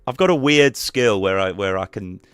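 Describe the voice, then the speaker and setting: A man with a relaxed, rambling way of talking, chatting casually as a guest on a live stream over a call mic. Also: fairly low pitch, normal speed, clean tone, dry recording, soft background music. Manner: relaxed, rambling, many fillers and restarts.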